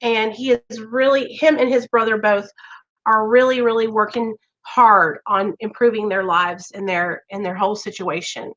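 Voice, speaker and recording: A woman's voice: mid-range voice, steady tone, normal speed, a bit bright, highs cut off. A woman hosting a recovery live stream, talking straight to her viewers in an earnest, reassuring way. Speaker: recovery livestream host.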